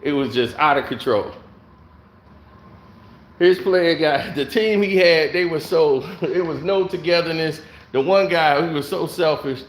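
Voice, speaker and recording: A man casually telling stories to camera, animated, laughing often and acting out other people's lines. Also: a little high, a little slow. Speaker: host. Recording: roomy echo.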